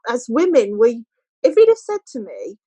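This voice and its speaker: A woman, a podcast guest telling a story in casual chat and quoting people in lively voices. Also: a little high, normal speed, slightly rough, dry recording, poor audio.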